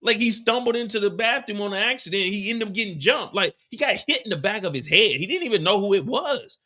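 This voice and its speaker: High bright-voiced man recapping a show. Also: fast talker. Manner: animated, repeats himself, frequent restarts; profane, slangy storytelling. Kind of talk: live after-show episode recap.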